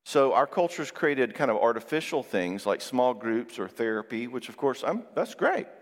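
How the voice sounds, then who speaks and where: A man giving a Christian marriage seminar. He talks in a conversational way, tags his points with "all right?" and tells lively personal stories. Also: mid-range voice, moderate pace. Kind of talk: live seminar talk to an audience. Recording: long reverb in a large hall.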